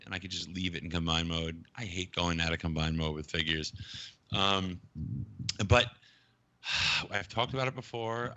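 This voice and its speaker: Deep-voiced man rambling in casual chat. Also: pushed and bright, no room sound. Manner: rambling, profane, self-mocking.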